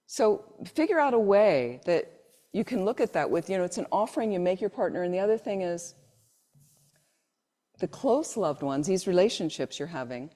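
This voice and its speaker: A woman's voice: fairly low pitch, very animated, normal speed, dark tone. A woman giving a Buddhist teaching to a live group, telling stories and acting out the people in them, and asking her listeners questions. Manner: storytelling, acts out the people in her anecdotes; asks the audience questions directly. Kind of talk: dharma talk to a live group. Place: meditation centre hall.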